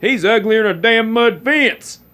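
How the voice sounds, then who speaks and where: A man's voice: high-pitched, unhurried, pushed and bright, voice pushed up. A man imitating his foul-mouthed older uncle, mocking and crude, in a raised voice.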